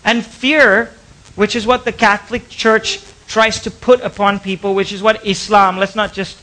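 A male pastor delivers a sermon to his church. His voice sits high and sounds bright and forceful. He stretches key words for emphasis, swells with passion and then falls to soft, confiding asides. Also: flat delivery, poor audio. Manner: impassioned, drawn-out emphatic words, sudden drops to soft asides.

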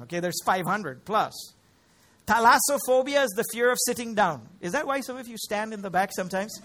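A man's voice: sits high, a bit bright. A male pastor preaching a sermon to his congregation, mixing teaching with joking asides to the listeners.

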